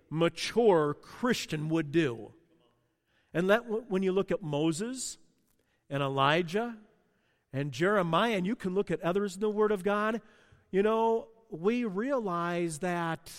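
High-voiced preaching man in a reverberant hall. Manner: passionate, swings from hushed to loud. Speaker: pastor. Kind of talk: sermon.

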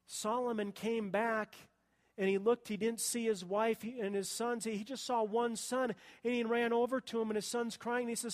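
A male pastor preaching a sermon, telling a story with passion, dropping to a hush and then building up loud. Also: very high voice, steady tone, moderate pace. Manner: impassioned storytelling, swings from hushed to loud. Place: church. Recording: long reverb of a church hall.

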